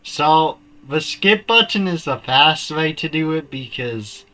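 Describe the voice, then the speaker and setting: A man streaming a game live, reacting with loud shocked exclamations and flustered muttering. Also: a little high, animated, slow, rough recording.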